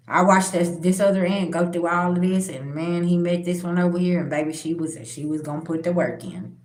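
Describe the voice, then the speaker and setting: A woman hosting her spiritual channel, telling personal stories bluntly and with plenty of profanity, speaking straight to her viewers. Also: on the low side. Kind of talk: candid personal storytelling. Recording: roomy echo.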